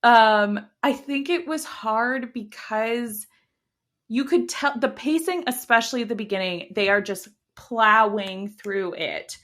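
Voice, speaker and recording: A woman's voice: a little high, slow pace, a bit bright. A woman co-hosting a podcast in casual chat, talking with many fillers and restarts and laughing often. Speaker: podcast co-host.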